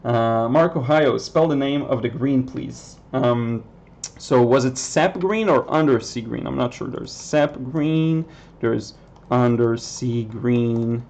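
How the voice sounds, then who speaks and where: A man's voice: mid-range voice, slow pace, gravelly, darkish tone. A man, a Hebrew speaker, chatting casually on a painting livestream and answering questions with many ums. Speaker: watercolor artist hosting a livestream. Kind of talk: casual live chat while painting.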